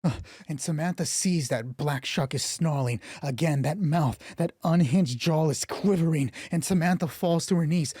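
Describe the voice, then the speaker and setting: A man narrating and rolling dice for a solo tabletop game stream, excitable and swearing freely, his voice getting hoarse. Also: fairly high pitch, moderate pace, no echo, studio quality. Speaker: game master.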